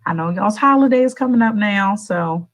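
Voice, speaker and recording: A woman host talking casually and warmly to her radio audience in a motivational monologue. She speaks in a middle-pitched voice and rambles in a chatty, animated way. She leaps up high to stress her points and addresses listeners directly. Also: normal speed, poor audio. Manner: animated and chatty, swooping up for emphasis.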